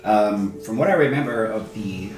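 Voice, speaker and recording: A man's voice: fairly low pitch, expressive, darkish tone. Man in a very echoey room, declaring his moves. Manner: halting, plans actions step by step. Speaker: player. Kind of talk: casual tabletop game chat. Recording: very echoey room, distant mic, music behind.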